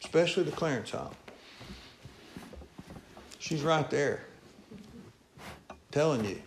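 A man's voice: slow pace, gravelly, long pauses, slight background noise. Preacher man, echoey sanctuary. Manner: folksy preaching, swings between loud calls and low asides. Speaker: pastor. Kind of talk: sermon. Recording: echoey church room.

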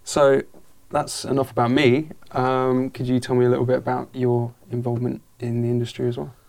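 Gravelly-voiced man interviewing casually. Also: medium pitch, completely flat delivery, a little fast, a little mellow. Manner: rambling, self-correcting, lots of fillers. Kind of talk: casual podcast chat.

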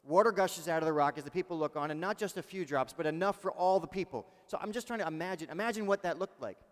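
A male pastor preaching a sermon in a lively, conversational way, asking the congregation questions. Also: fairly high pitch, quick pace, long reverb tail.

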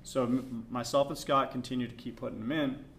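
A middle-aged man co-hosting a podcast, telling a story in a casual, animated way that swings between hushed asides and loud outbursts. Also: mid-range voice, a little fast, a little hiss or hum. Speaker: podcast co-host.

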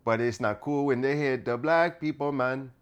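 Guy doing a put-on jamaican accent, grumbly man droning the same line over and over, sits at a middling pitch. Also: clean tone, highs cut off, natural voice. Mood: grumbling. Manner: singsong, drawn-out, tag ending on each line.

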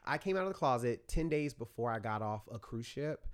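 A young man in casual chat as a podcast guest, an animated storyteller who acts out his family's voices. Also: medium pitch, a little fast, clean tone.

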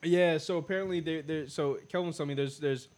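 A young man co-hosting a casual podcast. He retells things in a rambling way, full of filler and swearing, and he sounds relaxed among friends. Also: fairly high pitch, fairly quick. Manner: rambling storyteller, profane. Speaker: podcast co-host. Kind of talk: casual chat.

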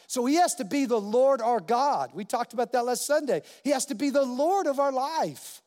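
A man preaching a sermon as a pastor, animated storytelling and acting out the voices in his quotes. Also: extremely high pitch, normal speed, few pauses, long reverb tail.

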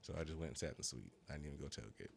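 A man telling a long, profane story in casual podcast chat, rambling, full of slang and sounding high. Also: animated, racing, vocal fry, slight background noise. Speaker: podcast co-host.

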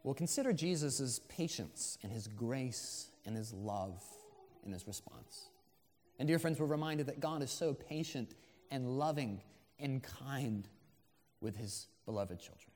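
A man's voice: medium pitch, expressive, a little slow, darkish tone. A man preaching a sermon as pastor, earnest and conversational, rising to emphatic swells. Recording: long hall reverb.

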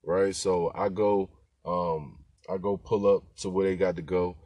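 A man with a low, deep voice spins a casual story in relaxed street slang. He keeps turning to the listener for agreement, and his voice sounds dry and close, with no room echo. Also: a little slow. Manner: laid-back slangy talk, keeps asking "you know what I'm saying". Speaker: podcast host telling rideshare stories.

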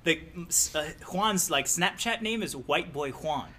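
A young man casually telling a story to friends, animated and acting out the quotes. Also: on the high side, measured pace, a crowd in the background. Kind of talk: casual chat.

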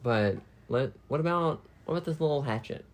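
A woman playing a horror game on stream, chatting casually, swearing freely and letting out loud outbursts. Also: low-pitched, animated, fairly quick, a crowd in the background. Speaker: let's play host on the controller. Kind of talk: casual gameplay chat.

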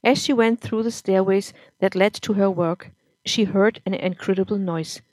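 A woman narrating a story in a measured, somber reading. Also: medium pitch, darkish tone, dry recording. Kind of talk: audiobook-style story reading.

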